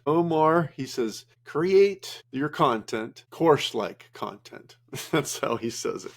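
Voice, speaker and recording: A man casually recapping workshop notes while sharing his screen, rambling and correcting himself as he goes. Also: medium pitch. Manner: rambling, self-correcting, chatty. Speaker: business vlogger.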